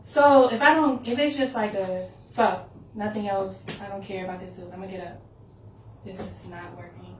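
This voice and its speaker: A blunt woman chats casually as a podcast co-host, laughing through her points. She sits well back from the microphone in a roomy, echoing space. A steady noise runs behind her. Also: mid-range voice, moderate pace. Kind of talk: casual chat. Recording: echoey room, far from the mic, background noise.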